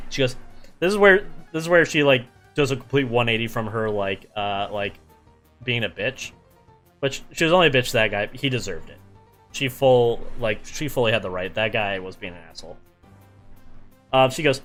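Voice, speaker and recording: A man's voice: medium pitch, a little fast, sharp tone, faint music behind. A young man streaming while he draws, telling a travel story in a rambling, casual way with many fillers and restarts.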